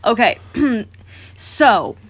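A woman's voice: on the high side, very slow. A woman who teaches, co-hosting a casual podcast chat. She wanders from tangent to tangent, talks herself down, and acts out little voices as she tells stories. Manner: rambling, self-deprecating, jumps between tangents; animated storytelling with voiced asides. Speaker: podcast co-host.

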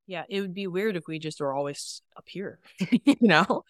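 Low-pitched woman chatting on a podcast, animated, laughing, dry mic sound. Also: moderate pace, no echo. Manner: animated, laughs often, acts out her own inner voice. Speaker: podcast guest. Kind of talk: casual conversation.

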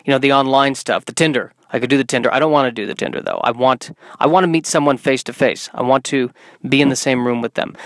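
A young man hosting his own podcast from inside a car, talking in a deadpan, self-mocking comedic monologue. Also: mid-range voice, fast, dry recording, rough recording. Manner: deadpan, self-mocking, slips into silly put-on voices. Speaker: podcast host.

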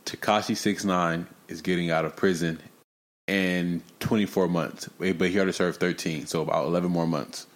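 A young man hosting a casual podcast, telling stories in lively slang and breaking into rap lines. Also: low-pitched, moderate pace. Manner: animated, slangy storytelling with bursts of rapping. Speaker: podcast host.

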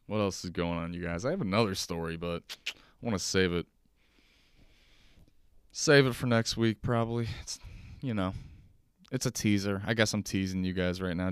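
Low-voiced young man rambling profanely. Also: clean tone, no room sound, clean studio sound. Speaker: podcast host. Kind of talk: casual solo podcast chat. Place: kitchen table at home.

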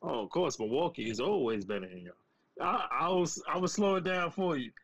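A man co-hosting a casual sports podcast, teasing his co-host and slowing down to drive his points home. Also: fairly high pitch, expressive, highs cut off.

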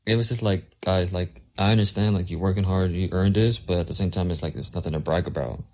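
Guest voice, man, low and dark, relaxed chat with heavy filler words. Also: quick pace. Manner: laid-back, many fillers like "like". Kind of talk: casual chat.

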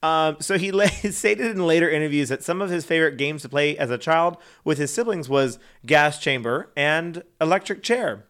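A man's voice: fairly high pitch, normal speed, few pauses, a bit bright, clear, resonant tone. A man co-hosting a casual chat, retelling a story in a giggly, rambling way. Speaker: podcast co-host.

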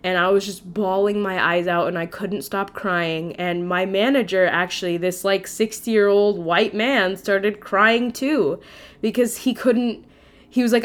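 A woman's voice: lowish voice, fairly even intonation, moderate pace. A woman hosting a podcast, telling a personal story in a candid, conversational way with casual swearing. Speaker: podcast host.

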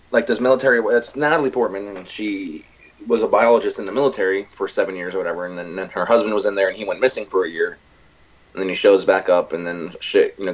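This podcast co-host speaks in a low, husky male voice, retelling events in a loose, excited, rambling way full of fillers and profanity. It's casual chat, and the audio sounds a little dull and lo-fi, like a home podcast rig.

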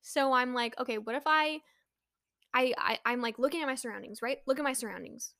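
A chatty young woman vlogger tells a casual storytime to the camera, animated and full of fillers, building up to anxious exclamations. Her high-pitched voice is gravelly and brisk, captured in clean studio sound with no echo.

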